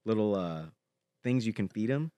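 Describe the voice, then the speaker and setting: A laid-back young man in casual podcast talk, drifting through memories and saying "dude" a lot. His voice sits low. The sound is close and dry. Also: normal speed, clean tone, dry recording. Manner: relaxed, says "dude" a lot, drifts while remembering. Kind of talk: casual chat.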